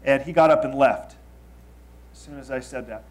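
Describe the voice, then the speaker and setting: Man, thirties, from Los Angeles, middle-pitched voice, confessional storytelling talk, loud emphasis and quiet asides. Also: normal speed. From Los Angeles, United States. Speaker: speaker.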